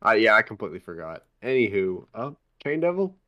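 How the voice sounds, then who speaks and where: A man's voice: lowish voice, very animated, a little fast, no echo, lo-fi sound. A man playing a tabletop game, making offhand jokes in casual banter. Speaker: player.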